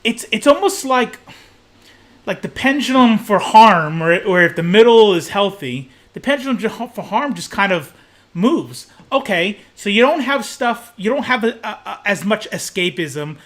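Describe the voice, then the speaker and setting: Animated high-voiced swearing man. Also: moderate pace. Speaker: co-host of a comics podcast. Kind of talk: casual live-stream chat.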